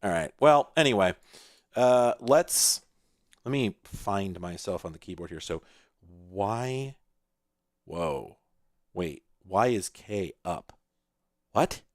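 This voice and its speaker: Excitable profane man, very lively pitch. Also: slow, long pauses, no echo, clean studio sound. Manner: excitable, rambling and profane, with sudden exclamations. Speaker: retro computing video host. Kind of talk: casual commentary while playing a computer game.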